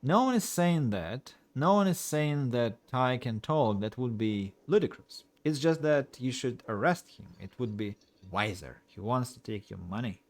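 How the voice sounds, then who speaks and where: A man's voice: mid-range voice, lively intonation, measured pace, few pauses. Man reading game text on a stream. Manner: casual, chuckling, reads narration aloud and comments.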